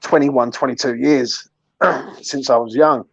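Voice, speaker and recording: A man hosting a casual chat, matey and relaxed. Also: medium pitch, unhurried, gravelly, breathy edge, dry recording, muffled recording. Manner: matey, calls people "mate". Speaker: host.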